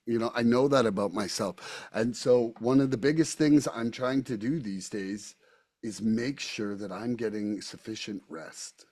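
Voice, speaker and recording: A man's voice: mid-range voice, measured pace, a little mellow. A man hosting a recovery podcast, speaking candidly and casually, often repeating his words as he thinks. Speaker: podcast host.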